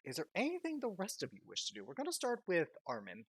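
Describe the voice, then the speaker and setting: A man's voice: high voice, wildly swooping pitch, quick pace, husky. A man narrating as game master of a tabletop game in a casual, explanatory way.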